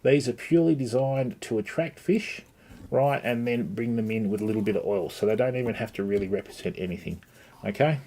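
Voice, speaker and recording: Man, gravelly voice, mid-pitch, chatty live-stream fly-tying tutorial, greets viewers as mate. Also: fairly quick, mellow. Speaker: livestream host teaching fly tying.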